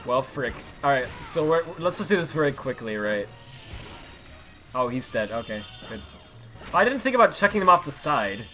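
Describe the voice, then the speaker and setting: A man streaming himself playing a game, chatting casually and yelling in frustration when play goes wrong. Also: mid-range voice, normal speed. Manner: excitable, yells at the game when things go wrong. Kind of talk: live-streamed gameplay commentary. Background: faint game music.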